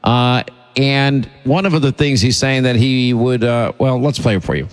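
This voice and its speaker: A man's voice: medium pitch, moderate pace, big-room sound, soft background music. A male radio host talking in an indignant, emphatic, rambling way. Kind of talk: talk radio monologue.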